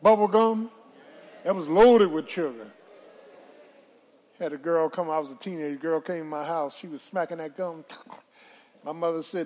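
An older woman preaching a sermon, telling folksy stories and calling out to the congregation, dropping to hushed asides and rising to shouts. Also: sits low, moderate pace, pauses often. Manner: dramatic swings from hushed asides to shouted exclamations; folksy storytelling with call-and-response to the congregation.

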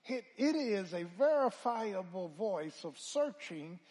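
A male preacher delivering a call-and-response sermon, moving from hushed murmurs to loud, drawn-out calls. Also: high-pitched, very animated.

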